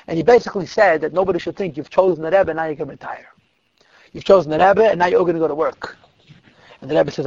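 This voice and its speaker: A man telling a story to a group of girls, vivid and dramatic, dropping to a hush at tense moments, in a dull, dry recording. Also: a little high, fast, gravelly, no room sound. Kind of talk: animated storytelling talk.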